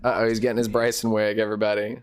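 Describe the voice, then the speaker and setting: A man's voice: on the low side, little pitch movement, rapid-fire, clean tone. Easygoing man hosting a game stream. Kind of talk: casual group banter.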